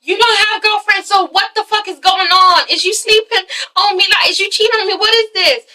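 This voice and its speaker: A woman's voice: high voice, animated, slow pace, pushed and bright, full character voice. A woman voicing a jealous, fiery young woman dancer who swears and demands answers. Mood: angry. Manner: demanding, profane.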